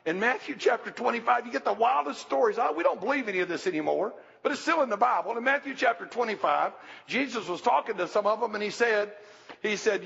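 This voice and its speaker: Gravelly, high-voiced folksy preacher. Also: male voice, expressive, quick pace, a bit bright. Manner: conversational, with frequent restarts and asides. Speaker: pastor. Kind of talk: folksy storytelling sermon. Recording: dull echoey church hall.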